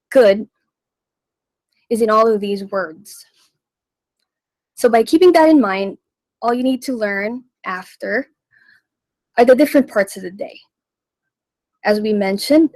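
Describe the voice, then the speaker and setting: Slow, measured woman radio teacher. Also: on the high side, dry recording, poor audio. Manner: slow, deliberate, stresses and repeats words for listeners to copy. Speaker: radio host and language teacher. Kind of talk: radio language lesson.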